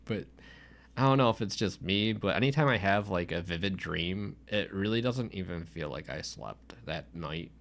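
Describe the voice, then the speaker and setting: A man's voice: low-pitched, lively intonation, moderate pace, vocal fry, a bit bright. A young man co-hosting a casual podcast chat, laid-back and teasing. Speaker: podcast co-host.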